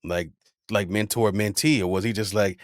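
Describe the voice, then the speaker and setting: Podcast host, man, low voice, relaxed questioner, dry close sound. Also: normal speed, no room sound. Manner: relaxed, prompts with follow-up questions. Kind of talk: casual interview chat.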